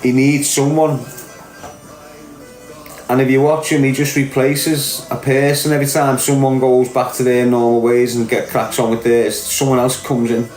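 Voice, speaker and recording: A podcast commentator with a Liverpool accent rants bluntly and swears, hammering his points by repeating them. He speaks at a medium pitch with a slightly mellow sound, recorded in an echoey room.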